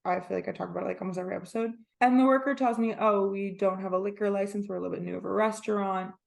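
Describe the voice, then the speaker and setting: A young woman co-hosts a casual podcast, telling stories at a quick clip. Her voice has a gravelly fry, and she acts out what people said as she goes. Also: mid-range voice, steady tone, darkish tone. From Orlando area. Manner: chatty storytelling, acts out quotes. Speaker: podcast co-host. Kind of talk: casual chat.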